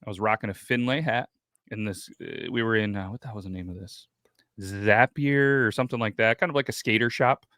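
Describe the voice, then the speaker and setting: A man's voice: on the low side, brisk, sharp tone, dry recording, clean studio sound. A man in his thirties hosting a podcast, telling rambling, profane stories in casual chat. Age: 30s. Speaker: podcast host.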